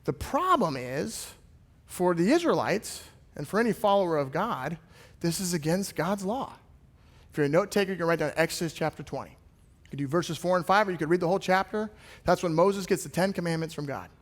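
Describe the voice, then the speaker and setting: A high-pitched man preaching in a church, telling the story in a loose, conversational style. His voice rings out with a long reverb off the walls of a big sanctuary. He sounds like a pastor easing his congregation into the passage. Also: fairly quick. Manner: animated, casual storytelling retelling scripture. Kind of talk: sermon. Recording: long reverb of a large hall.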